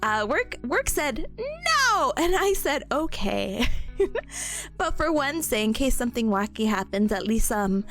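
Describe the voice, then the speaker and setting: A young woman streamer chatting casually on a livestream, bubbly and playful, her voice hoarse from coughing. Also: on the high side, expressive, normal speed. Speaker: VTuber streamer. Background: faint background music.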